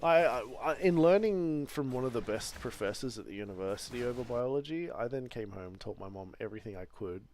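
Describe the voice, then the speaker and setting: A man's voice: medium pitch, lively intonation, a little fast, few pauses, darkish tone, a little hiss or hum. A man with an Australian accent chatting casually, telling long stories with frequent restarts. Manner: rambling storyteller, frequent restarts. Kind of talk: casual chat.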